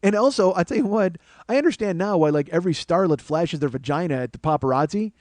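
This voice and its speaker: Comic male storyteller, fairly high voice, profane and self-mocking, dry close mic. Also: expressive, fast talker, darkish tone, no room sound. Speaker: comedy podcast host.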